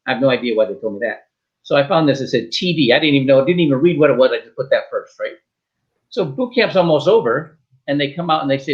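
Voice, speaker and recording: A man from Michigan, a talk show guest, telling a story in a joking, animated way with quoted dialogue and restarts. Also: mid-range voice, fast, lo-fi sound.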